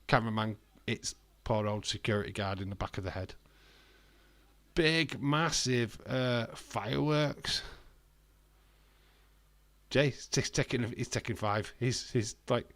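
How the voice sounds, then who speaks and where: A man hosting a live wrestling watch-along, chatty and excitable, swearing casually. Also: medium pitch, measured pace, dry recording. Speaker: livestream host.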